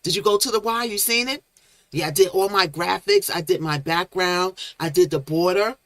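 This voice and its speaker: A woman's voice: fairly low pitch, normal speed, dry recording. A woman hosting a casual live stream, chatting with viewers by name and coining playful made-up words. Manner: chatty, reads chat names aloud, playful made-up words.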